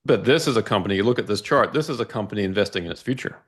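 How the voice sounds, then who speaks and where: Guy with a lowish voice talking through finance charts, calm and methodical, keeps asking "right?". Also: racing. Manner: explanatory, methodical, asks "right?" to check understanding. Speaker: investment analyst guest. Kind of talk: casual financial discussion walking through charts.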